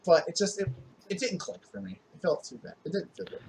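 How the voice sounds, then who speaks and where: A man's voice: high-pitched, fast, gravelly, darkish tone, a little hiss or hum, poor audio. A man hosting a casual podcast chat, rambling and a bit mumbly as he talks. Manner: mumbly, rambling, hard to follow. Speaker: podcast host.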